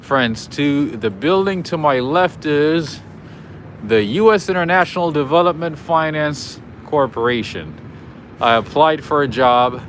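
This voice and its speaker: A man's voice: a little high, a bit bright. A man hosting a casual walking livestream outdoors, rambling and chatting with his viewers in a self-deprecating way. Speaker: livestream host. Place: city streets outdoors. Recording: noisy outdoor street recording. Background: traffic and street noise.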